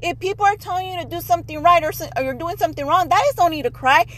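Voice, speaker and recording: A middle-aged woman with a bright, high voice talks straight into her podcast mic, blunt and emphatic. She sprinkles Spanish words into her casual monologue. A faint hum of noise sits under the recording. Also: rapid-fire, low-quality recording. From Mexico heritage. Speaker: podcast host.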